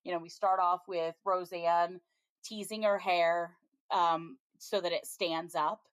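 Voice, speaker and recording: A woman's voice: fairly low pitch, steady tone, slow, dry recording. A woman co-hosting a podcast, casually recapping a TV episode in a chatty way, with frequent ums and laughs as she retells scenes. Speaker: podcast co-host.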